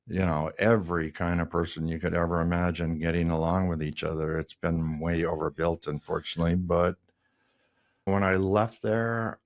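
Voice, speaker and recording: A man in his sixties from the Minneapolis area, a designer guest telling rambling anecdotes in a casual interview. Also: sits low. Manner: rambling anecdotes with laughs and mimicked voices.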